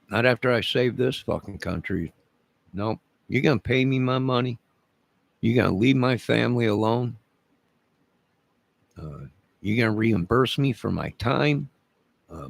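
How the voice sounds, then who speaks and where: A man's voice: medium pitch, vocal fry, breathy edge, dry recording. A man delivering an angry, profane, repetitive rant to camera, making demands over and over. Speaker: vlogger.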